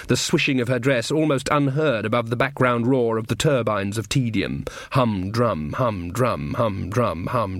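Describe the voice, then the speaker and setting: A man narrating a novel in a measured storytelling voice of middling pitch. The recording is dry and close, with no room sound. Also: dry recording. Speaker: audiobook narrator. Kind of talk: scripted narration.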